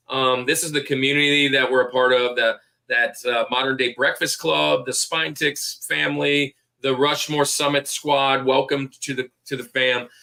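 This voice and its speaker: Excitable male podcast host. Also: medium pitch. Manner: rambling, repeats words, plugs friends. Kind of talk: casual podcast chat.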